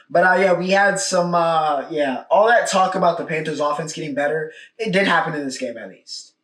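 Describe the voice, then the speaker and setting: A young man hosts a solo sports recap, casual and emphatic, circling back to drive his points home. His voice sits a bit high. He sounds set back from the mic in a roomy, echoing space. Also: a bit bright. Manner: casual, emphatic, repeats points with "all right?". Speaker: podcast host. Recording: echoey room, mic at a distance.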